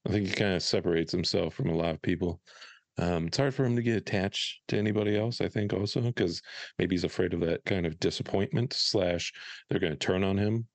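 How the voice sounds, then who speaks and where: Gravelly low-voiced man, easygoing. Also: fairly quick, dry recording. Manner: relaxed, easygoing, many fillers. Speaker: podcast co-host. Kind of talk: casual podcast chat.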